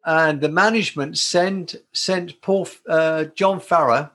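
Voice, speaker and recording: An older man from the United Kingdom, a guitarist recalling his career in a relaxed interview, talking in a chatty way and often restarting his sentences. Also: on the high side, slow pace. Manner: warm, chatty, with frequent restarts. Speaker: guitarist and performer, interview guest. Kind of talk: casual anecdotal storytelling.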